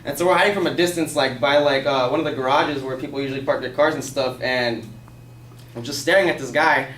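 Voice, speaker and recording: Fast-talking young man telling a story. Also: mid-range voice, fairly bright tone. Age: young adult. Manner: rambling, fills speech with "like" and profanity. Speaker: student storyteller. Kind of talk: casual personal storytelling. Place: classroom. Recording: echoey classroom, mic far off, faint hiss.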